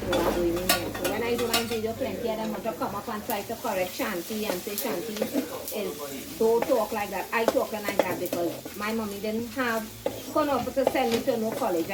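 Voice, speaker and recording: A talkative woman walks viewers through her cooking, keeping up an easy chat and tagging "right?" onto her sentences. She stands some distance from the camera mic. Loud frying and sizzling from the pan fill the sound around her voice. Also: mid-range voice, heavy background noise. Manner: chatty, repeats "right?", calls herself by name. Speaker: home cook vlogger. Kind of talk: casual cooking demonstration. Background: sizzling frying food.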